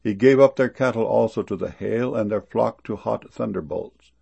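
Gravelly low-voiced man reading scripture. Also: dark tone, highs cut off. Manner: measured, deliberate phrasing with slow emphatic stresses.

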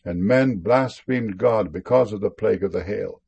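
A man giving a solemn scripture reading, with measured, deliberate phrasing and slow, emphatic stresses. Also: lowish voice, creaky, a little mellow, breathy edge, muffled recording.

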